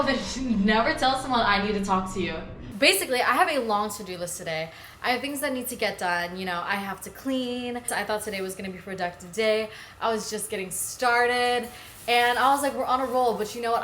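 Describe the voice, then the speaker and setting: A young woman in her twenties, chatting casually in a vlog and telling stories with lively acted-out quotes and swearing. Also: medium pitch, brisk, reverberant, a little hiss or hum. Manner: animated storytelling, swears, acts out quotes. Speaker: vlogger.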